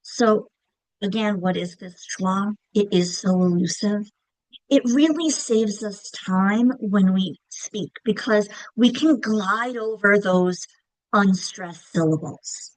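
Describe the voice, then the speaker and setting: A middle-aged woman with a Long Island accent teaches a reading lesson in a mid-range voice at a slow pace. The recording is dry and the audio poor. Her instructional presentation is explanatory, with frequent "right?" check-ins with listeners.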